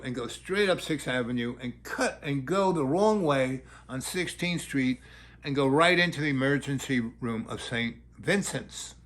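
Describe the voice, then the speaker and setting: A man's voice: a little high, fairly bright tone. An older man telling a long, digressive anecdote in a loose, casual way, breaking into voices for the people in it. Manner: loose, digressive, acts out quotes. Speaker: storyteller.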